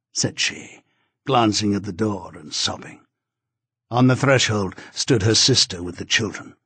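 A man narrating a novel as an audiobook in a measured, grave reading. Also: fairly low pitch, fairly bright tone, husky, no echo.

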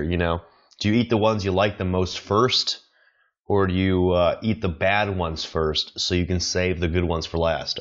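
Low-voiced man rambling through a comedy podcast. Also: a bit bright, lo-fi sound. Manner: meandering, chuckles at own jokes, many "you know"s. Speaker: podcast host, amateur comedian. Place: apartment in China.

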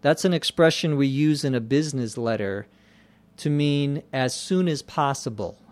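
A man teaching English vocabulary, explaining words slowly and spelling them out letter by letter. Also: mid-range voice, a little mellow, no room sound. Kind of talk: slow explanatory lesson.

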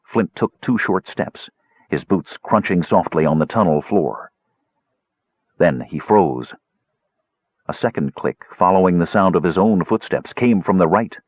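A man reads a fantasy audiobook in a steady, measured way. His voice is very deep with a husky edge. The sound is dry and a bit dull, like a lo-fi recording. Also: no echo. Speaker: narrator. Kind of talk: audiobook narration.

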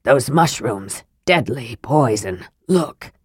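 A woman's voice: extremely low pitch, expressive, slow pace, slightly rough, dry recording, clean studio sound, voice pushed down, exaggerated voice. Cold, precise young mage, voiced by a woman. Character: frail, sharp-tongued young male mage. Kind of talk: audiobook dialogue.

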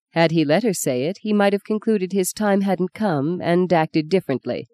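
This woman, an audiobook narrator, delivers scripted narration of a novel with an even, measured storytelling manner. Her voice is on the low side, and there's no room sound.

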